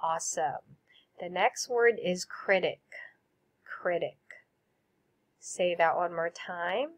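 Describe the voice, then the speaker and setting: Slow, clear woman teacher drilling vocabulary. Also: on the low side. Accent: Filipino English. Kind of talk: recorded vocabulary lesson.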